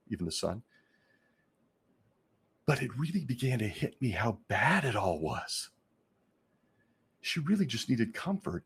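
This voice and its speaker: A man's voice: fairly low pitch, husky. A middle-aged man and former church elder, candidly recounting a personal story to his listeners in an earnest monologue. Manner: earnest, candid, talks straight to listeners as "folks". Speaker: former congregation elder, show host.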